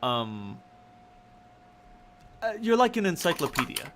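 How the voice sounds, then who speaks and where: A man's voice: on the high side, big pitch swings, takes it slowly, noisy background. A man narrating casually as game master of a tabletop game, with some hesitation.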